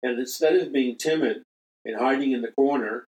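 A man's voice: mid-range voice, normal speed, a little mellow, rough recording. An older man hosting a religious talk radio show, speaking emphatically, repeating key phrases and making earnest appeals to listeners. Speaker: radio show host and minister.

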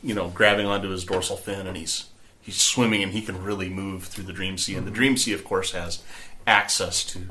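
A man's voice: low voice, steady tone, brisk, bright, forceful tone. A man narrating a tabletop game as game master, rambling and conversational, with many fillers.

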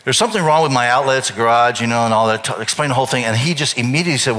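A man's voice: medium pitch, rapid-fire, few pauses, a bit bright. A middle-aged man preaching, telling a long personal story with many restarts before turning to scripture. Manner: rambling, self-correcting storyteller. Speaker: pastor.

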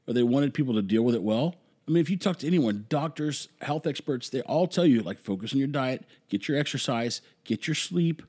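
A man's voice: on the high side, mellow, slightly rough. A man hosting a talk show with an opinionated monologue, speaking emphatically, rambling and repeating words for effect. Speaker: commentary host.

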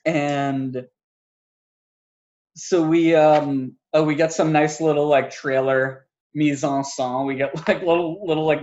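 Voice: medium pitch, a little mellow, highs cut off. A podcast co-host in a casual film review chat, rambling with lots of filler words and frequent laughs.

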